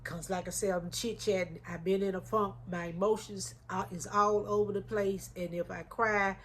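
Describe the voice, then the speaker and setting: A woman's voice: mid-range voice, steady tone, moderate pace, a bit bright, slight background noise. Heartfelt woman vlogging. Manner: heartfelt, addresses viewers as y'all. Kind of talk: emotional casual chat to viewers.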